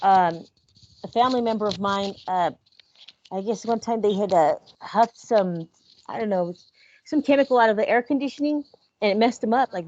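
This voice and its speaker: A woman hosting a casual podcast chat, telling creepy stories in an animated way and acting out the voices in them. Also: mid-range voice, dry recording. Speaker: podcast host. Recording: dull lo-fi sound.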